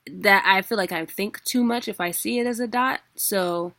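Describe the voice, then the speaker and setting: A woman giving a casual video lesson, chatty and quick to correct herself. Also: mid-range voice, fairly bright tone. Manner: chatty, self-correcting, laughs at own mistakes. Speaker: teacher.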